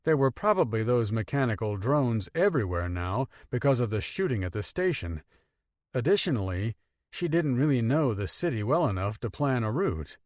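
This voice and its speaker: A man narrating an audiobook in steady, expressive storytelling. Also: medium pitch, moderate pace, no echo, clean studio sound. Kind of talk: scripted narration.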